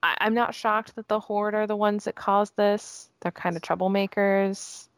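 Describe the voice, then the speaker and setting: A woman's voice: mid-range voice, fairly even intonation, no room sound, clean studio sound. A woman guest in casual chat, gushing emotionally about a trailer. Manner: gushing and emotional, quick bursts. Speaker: guest discussing a game trailer.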